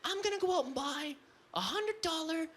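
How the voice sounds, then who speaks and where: A man voicing his ex-girlfriend as a whiny young woman in a high, breathy put-on voice during a stand-up set. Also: animated, moderate pace, a bit bright, a little hiss or hum. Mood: pleading.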